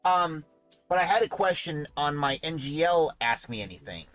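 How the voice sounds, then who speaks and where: A man's voice: on the high side, lively intonation, normal speed, a bit bright, no echo, soft background music, low-quality recording. A man hosting a casual livestream podcast, talking in a rambling, chatty way. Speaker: podcast host.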